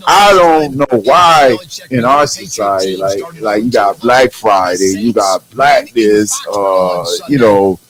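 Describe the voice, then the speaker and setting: A man doing live stand-up comedy, telling a loud, profane story and laughing at his own jokes. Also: fairly high pitch, poor audio.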